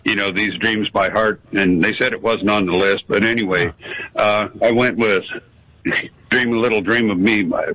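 An older man phones in to a radio show, his voice bright and forceful. He rambles casually and keeps laughing at his own jokes. He sits a little on the low side for a man. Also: steady tone, moderate pace, low-quality recording. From Arizona, United States. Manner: chuckling, rambling and self-mocking. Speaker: caller. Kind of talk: casual call-in chat.

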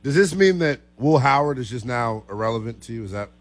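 A man's voice: medium pitch, lively intonation, fairly quick. A young man hosting a sports talk radio show, chatty and joking with callers. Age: young adult.

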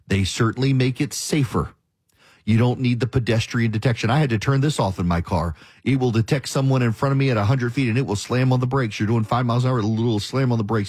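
A man's voice: fairly low pitch, darkish tone, husky, no echo. A man hosting a talk radio show, delivering an emphatic, opinionated monologue and mocking his critics. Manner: emphatic, ranting, mocks critics in quoted voices.

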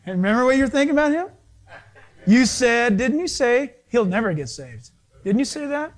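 A male pastor preaching a sermon, animated, acting out little dialogues as he goes. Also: extremely high pitch, fairly quick.

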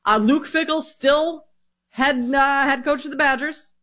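A host from Minnesota with a Minnesota accent, running a sports radio show and briskly reading out football win totals for the co-host. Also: high voice, steady tone, pushed and bright. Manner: brisk, sets up each topic for the co-host. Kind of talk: sports betting talk on air.

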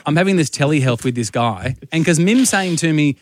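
A young man with a slightly high voice tells a story on air with lots of animation and frequent laughter. The sound is dry and close, with no room around it. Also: expressive, fairly quick, no echo. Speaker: radio co-host. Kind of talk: casual banter.

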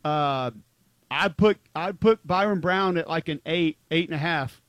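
A man's voice: fairly high pitch, a little slow, a bit bright, no room sound. A man co-hosting a football talk show, chatting casually and emphatically with lots of filler words. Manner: rambling, frequent "like" fillers, emphatic. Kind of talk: casual sports chat.

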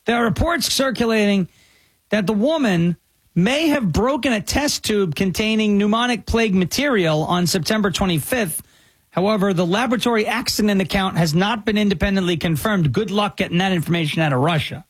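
Husky high-voiced sarcastic man. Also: lively intonation, fairly quick, no echo. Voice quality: sarcastic, incredulous. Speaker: commentator. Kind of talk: sarcastic news commentary.

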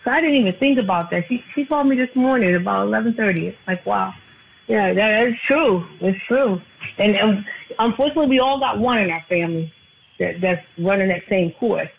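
A woman's voice: mid-range voice, animated, fairly quick, vocal fry, a little hiss or hum. A woman, an insurance agent calling in as a guest, speaking earnestly and repeating herself. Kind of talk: casual radio talk. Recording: tinny phone line.

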